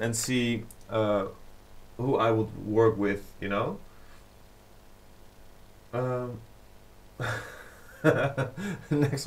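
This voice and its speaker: Slow-talking male DJ on a livestream. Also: medium pitch. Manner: rambling, many fillers, reading fan comments aloud. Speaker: DJ and producer livestreaming to fans. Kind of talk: casual livestream chat.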